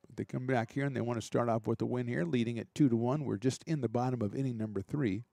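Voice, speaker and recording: A man doing relaxed, chatty play-by-play commentary for a college baseball game, with small asides and jokes between pitches. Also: fast, gravelly, no room sound, clean studio sound. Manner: relaxed, chatty, lightly joking between pitches, rising excitement on big plays. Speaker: play-by-play announcer.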